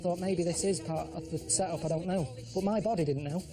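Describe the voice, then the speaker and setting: Fast, light-voiced deadpan northern English man. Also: high-pitched, faint music behind, low-quality recording. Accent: Manchester English. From England. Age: late 30s. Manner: deadpan, plain-spoken complaining. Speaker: show regular. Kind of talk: casual chat.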